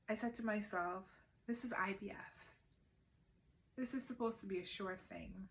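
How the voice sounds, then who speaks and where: Bright-voiced woman telling a personal story. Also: mid-range voice, moderate pace, long pauses. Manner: candid, emotional, quiet and subdued at times. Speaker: vlogger. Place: home.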